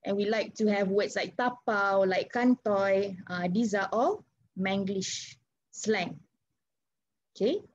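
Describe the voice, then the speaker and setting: A woman with a husky, mid-range voice and a Malaysian accent teaches English online, moving between Malay and English. She asks her students questions and keeps them encouraged. The video call sound is a little muffled.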